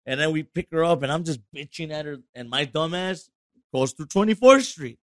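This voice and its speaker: Brisk and fairly high-pitched, a male podcast guest tells a casual story in clean studio sound with no room noise. He's animated, swears heavily, acts out quotes, and switches over now and then.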